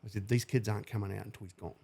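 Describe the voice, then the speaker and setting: A man's voice: lowish voice, little pitch movement, rapid-fire, creaky, mellow, husky. A man in his forties from New Zealand, a podcast guest telling a painful personal story bluntly and with heavy swearing. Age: 40s. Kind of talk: emotional personal account.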